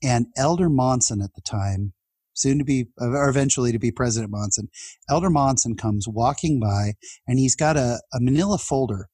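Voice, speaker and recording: A middle-aged man from California telling a personal story in conversation, his voice jumping up when excited. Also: medium pitch, moderate pace, husky, no echo. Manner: animated, voice jumps up when excited.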